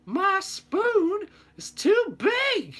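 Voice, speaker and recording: Squeaky goofy cartoon voice. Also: male voice, huge pitch swings, drawn-out words, fairly bright tone, full character voice. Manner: shrill, sing-song and goofy. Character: squeaky goofy cartoon character, silly and excitable.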